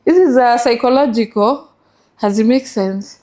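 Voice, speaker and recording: A woman's voice: a little high, normal speed, mellow. A middle-aged woman with a Kenyan accent, telling her story as an interview guest and mixing English with Swahili.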